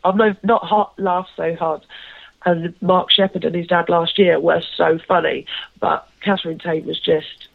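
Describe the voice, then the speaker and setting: A woman's voice: on the low side, steady tone, unhurried, gravelly, dry recording. A woman chatting casually as a podcast co-host, rambling and self-deprecating, with lots of fillers and restarts. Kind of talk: casual chat recounting a convention. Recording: tinny phone-like line.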